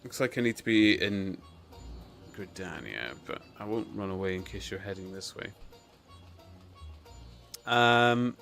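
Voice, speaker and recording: A man's voice: deep voice, lively intonation, unhurried, vocal fry, pauses often, fairly bright tone, soft background music. A man streaming a game, chatting casually and a bit hesitantly with ums. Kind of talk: casual chat while gaming.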